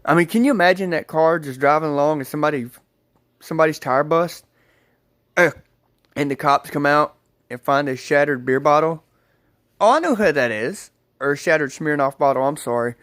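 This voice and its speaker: A man's voice: on the high side, normal speed, a bit bright, dry recording, clean studio sound. Rambling man telling a story. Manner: rambling, repeats "I mean", addresses viewers as "guys". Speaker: vlogger. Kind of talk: casual storytelling to camera.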